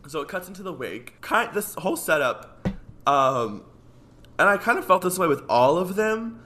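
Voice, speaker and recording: A man co-hosting a podcast, playfully retelling film scenes with quick asides in casual chat. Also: high voice, animated, sharp tone.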